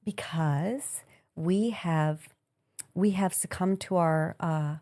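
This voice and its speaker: A woman's voice: on the low side, slow, warm tone. A woman co-hosting a podcast in casual chat, playful and self-mocking, rambling a little. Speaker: podcast co-host.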